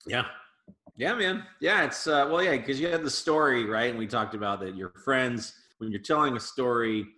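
A man, a comedian guest on a casual podcast interview, talking in an animated, emphatic way. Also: mid-range voice, normal speed, echoey room. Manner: animated, emphatic advice-giving.

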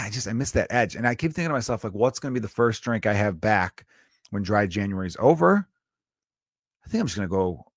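A young adult man from Chicago, a comedian talking casually in a profane, rambling solo monologue with big swings in loudness. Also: on the low side, dry recording, studio quality. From Chicago area. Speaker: comedian and podcast host.

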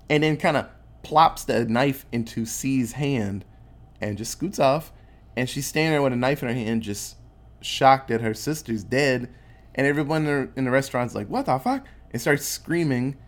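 A man casually recapping a film plot, swearing freely and acting out the characters' lines as he tells it. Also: medium pitch. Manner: animated storytelling, acting out quotes. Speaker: podcast co-host recapping a film. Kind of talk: casual chat, profane movie recap.

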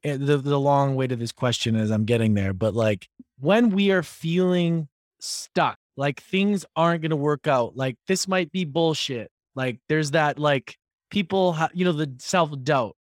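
A man's voice: a little high, a little slow, no room sound, studio quality. Rambling man asking a long question. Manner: rambling, many fillers and restarts. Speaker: podcast host. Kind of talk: casual interview question.

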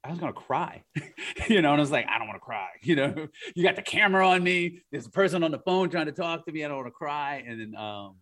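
A man as an interview guest, telling stories in a rambling, animated way with frequent laughs and fillers. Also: fairly high pitch, a little fast. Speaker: guest, art collector. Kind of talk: casual interview storytelling.

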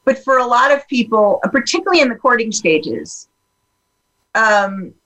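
A woman talking openly in a casual podcast conversation, animated and full of fillers and restarts. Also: fairly high pitch, normal speed, low-quality recording.

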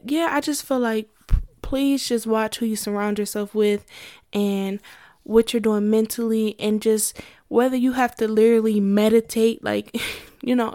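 A woman's voice: on the high side, darkish tone, no room sound, clean studio sound. A young adult woman talking candidly to her listeners in a casual monologue, laughing often between points.

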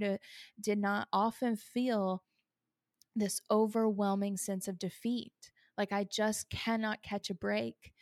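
A woman's voice: medium pitch, no room sound, clean studio sound. A woman hosting a faith podcast, speaking earnestly and confessionally about sorrow, holding back tears. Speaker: podcast host. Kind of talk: personal faith podcast talk.

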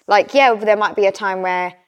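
A young woman talking candidly as a podcast guest, sharing personal stories in an animated, conversational way. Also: mid-range voice, moderate pace, clean tone. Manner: candid, animated, quotes herself and her partner in playacted voices. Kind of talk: casual chat.

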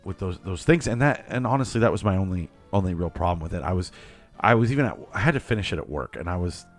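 A man's voice: sits low, lively intonation, fast talker, faint music behind. A man in a casual movie discussion, rambling and restarting often, with exasperated asides. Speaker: podcast co-host.

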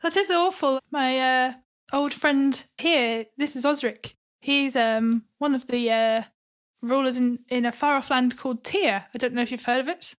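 High-voiced woman, polite tabletop player. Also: steady tone, normal speed, clear, resonant tone. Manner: polite, courteous. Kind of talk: tabletop game play.

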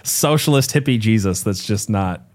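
A man's voice: on the low side, expressive, normal speed, darkish tone. Opinionated man in casual chat. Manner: opinionated, talkative, frequent restarts. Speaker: co-host.

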